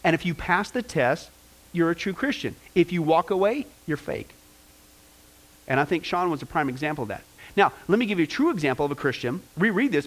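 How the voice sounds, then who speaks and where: A pastor preaching a sermon in an informal, rambling way, often checking in with "okay?" and "you know". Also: male voice, a little high, poor audio. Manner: informal, rambling delivery with many okays and you-knows.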